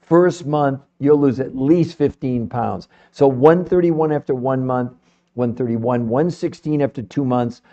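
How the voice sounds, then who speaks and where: Fired-up man on a lo-fi live stream. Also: a little slow. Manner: fired-up, swearing, swings between calm number-reading and loud pitching. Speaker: host of a live health stream. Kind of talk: live-stream talk to viewers.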